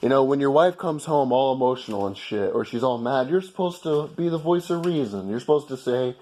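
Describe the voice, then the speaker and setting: A man's voice: medium pitch, animated, brisk, a little mellow. A man from the United States telling a story in a heated, profane rant to the camera. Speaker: vlogger. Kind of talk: ranting monologue.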